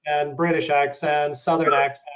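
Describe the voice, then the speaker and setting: A man with a fairly high voice hosts a casual interview. He speaks thoughtfully and a little haltingly, pausing to find his words as he asks questions and tells his own stories. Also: little pitch movement, crowd noise, poor audio. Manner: thoughtful, halting, many fillers. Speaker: interview host.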